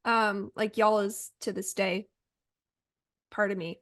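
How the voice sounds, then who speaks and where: A young adult woman from Oregon co-hosts a podcast, chatting casually in a chatty, upbeat way full of quick asides. Her mid-range voice is steady and a bit bright, captured dry with clean studio sound.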